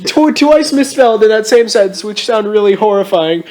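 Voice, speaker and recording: A man's voice: sits high, expressive, normal speed, a little mellow. A young man doing a comedic dramatic reading of a badly written story, mocking it, swearing freely and laughing. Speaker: comedic reader.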